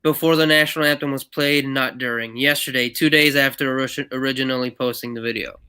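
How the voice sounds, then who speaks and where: A man's voice: mid-range voice, steady tone, brisk, pushed and bright, clean tone. A man hosting a podcast in casual chat, wry and laid-back, poking fun at himself. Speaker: podcast host.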